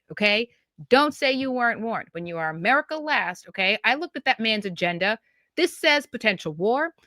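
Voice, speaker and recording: A woman hosting a political commentary podcast. She talks in an animated, emphatic way and keeps repeating phrases and tagging lines with "okay?" and "yo". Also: mid-range voice, no room sound. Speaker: podcast host.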